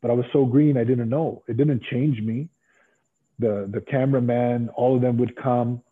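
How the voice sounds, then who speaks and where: A middle-aged man telling stories as an interview guest, animated and acting out other people's lines. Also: mid-range voice, normal speed, slightly rough. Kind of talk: casual storytelling interview. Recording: tinny phone-like line.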